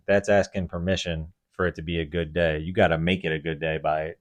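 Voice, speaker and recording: A man's voice: sits low, brisk. A man co-hosting a casual podcast, laid-back and joking, often murmuring agreement. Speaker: podcast co-host.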